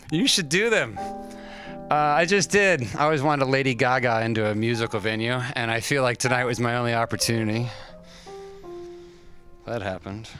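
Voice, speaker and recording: A man from the US West Coast hosting a restaurant livestream, reading fan mail in a halting, rambling, self-deprecating way with many fillers. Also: mid-range voice, a bit bright. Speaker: livestream host.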